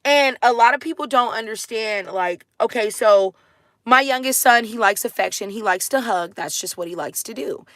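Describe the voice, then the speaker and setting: Bright, chatty woman telling stories. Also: fairly high pitch, moderate pace, dry recording, studio quality. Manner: chatty and animated, laughs often, says "like" and "dude" a lot. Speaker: mother sharing her family life. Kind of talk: casual chat to viewers.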